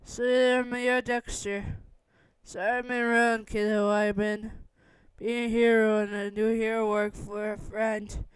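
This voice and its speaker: A woman's voice: fairly high pitch, little pitch movement, measured pace, clean tone, no room sound, close to an everyday voice. A woman voicing a cheerful young male hero who talks in an easygoing, affectionate way. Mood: friendly.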